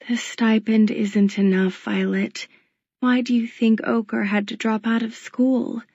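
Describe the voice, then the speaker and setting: A woman voicing a worn, worried middle-aged working mother who speaks softly and pleadingly, close to tears. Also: a little high, fairly even intonation, measured pace, dry recording, lo-fi sound. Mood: defensive. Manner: soft, pleading, tearful.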